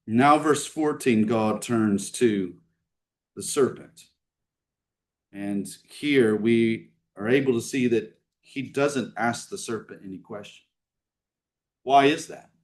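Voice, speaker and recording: A man preaches a sermon in a church sanctuary. He talks in a plain, conversational way and keeps asking his listeners questions. He leans hard on some lines and drops to a hush on others, and his voice comes from some distance from the mic. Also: mid-range voice, takes it slowly. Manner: conversational preaching with rhetorical questions, swinging between emphatic and hushed. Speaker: pastor.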